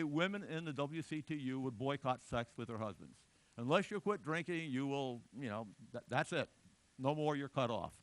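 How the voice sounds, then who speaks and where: Middle-aged guy lecturing, bit high voice, jokey stories and asides, dry close sound. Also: a bit bright, dry recording. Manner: conversational, humorous storytelling with asides. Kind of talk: lecture with anecdotes.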